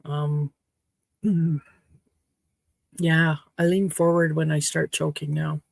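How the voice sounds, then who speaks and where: Woman, livestream host, unhurried, dry close sound, rambling chat, slightly hoarse. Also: sits low, flat delivery, darkish tone, dry recording. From Saskatchewan, Canada. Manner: rambling, chatty and frank. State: slightly hoarse throat after choking. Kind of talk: casual chat to a live audience. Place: home.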